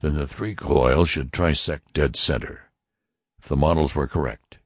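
Narrator as stern old priest, low muttered commands, very deep, close and dry. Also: male voice, a little slow, no echo. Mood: grim. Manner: low, grim murmur. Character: old priest, grim and determined.

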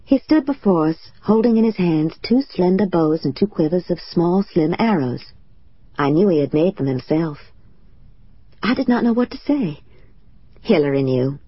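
A woman reads a novel aloud in the first person, with a low, husky, slightly breathy voice. Her delivery is measured and emotional. The recording is dry and somewhat dull. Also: animated, no room sound. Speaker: audiobook narrator. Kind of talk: first-person audiobook narration.

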